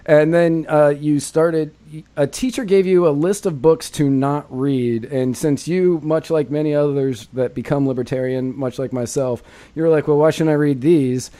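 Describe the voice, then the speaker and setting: A man's voice: on the high side, steady tone, moderate pace, mellow. Laughing man hosting a podcast. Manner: laughs often, playful. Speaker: podcast host. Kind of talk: casual podcast chat.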